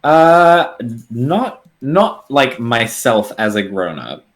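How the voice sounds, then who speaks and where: A man's voice: medium pitch, big pitch swings, takes it slowly. A man co-hosting a casual podcast, teasing his co-host in a wry way. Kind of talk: casual chat.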